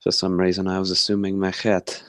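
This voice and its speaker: Brief: man voicing a courtly male vampire for a tabletop game, very low voice, dry close sound. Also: monotone, a bit bright, no echo. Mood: measured. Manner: formal, courteous, unhurried storytelling. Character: homeless male vampire, polite and measured. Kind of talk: tabletop role-play in character.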